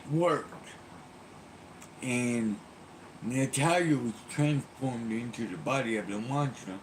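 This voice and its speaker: A man's voice: medium pitch, a little hiss or hum, poor audio. A man streamer casually retelling a game's plot, rambling with frequent ums and restarts.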